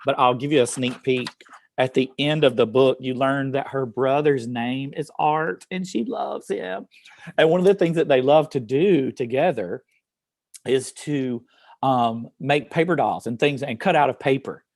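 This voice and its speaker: A man's voice: mid-range voice, unhurried, darkish tone, no room sound, studio quality. A man, an upbeat teacher reading poetry to students and encouraging them, with many fillers. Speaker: educator presenting to students. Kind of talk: reading a poem aloud to a class online. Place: office.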